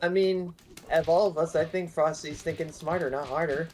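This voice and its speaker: Male streamer, slightly high voice, quick rambling game chat with friends. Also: steady tone, darkish tone, slight background noise. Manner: quick, rambling, filler-heavy. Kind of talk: casual chat.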